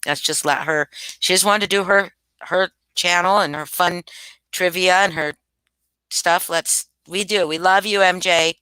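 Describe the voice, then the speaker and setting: A middle-aged woman hosts a casual livestream, talking loosely to her chat and restarting her sentences. Her voice is bright and forceful, smooth and crisp, a little low for a woman. The sound is dry and close, with no room around it. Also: fairly even intonation, measured pace, no room sound, rough recording. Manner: chatty, reads and answers chat, many restarts. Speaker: livestream host.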